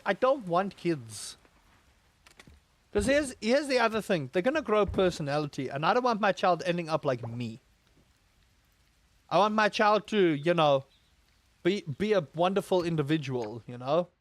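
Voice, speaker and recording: A man streaming a game, telling rambling, animated stories with sudden loud outbursts. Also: high voice. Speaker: gaming streamer. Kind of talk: casual stream chat while playing.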